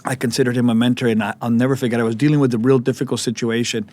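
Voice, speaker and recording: Male talk-show host, storytelling manner, mid-pitched, dry close sound. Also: rapid-fire, no echo. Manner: animated storyteller, many restarts. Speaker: podcast host. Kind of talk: conversational interview.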